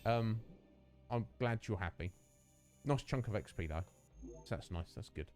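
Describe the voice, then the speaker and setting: Animated streamer. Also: male voice, fairly low pitch, unhurried, soft background music. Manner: rambling, ranting, many fillers. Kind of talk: casual game-stream commentary.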